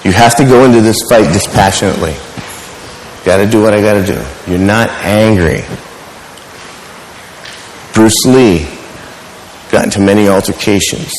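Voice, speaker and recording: Animated man teaching in an echoey hall. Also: lowish voice, normal speed, long pauses, a little hiss or hum. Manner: animated storyteller, asks the class questions. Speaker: martial arts instructor. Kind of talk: teaching a class with stories. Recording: echoey hall with faint ambience.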